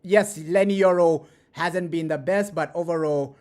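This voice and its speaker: Excitable man reacting, slightly high voice. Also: unhurried. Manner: animated, repeats points, says "bro" often. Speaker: fan channel host reacting to an interview. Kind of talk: casual live-stream commentary.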